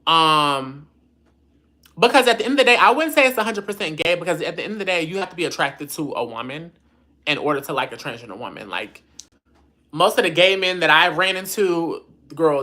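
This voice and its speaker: A woman's voice: deep voice, expressive, a little fast, sharp tone. A woman hosting a casual livestream, blunt, sassy and profane, reading viewer comments aloud and answering them. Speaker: livestream host.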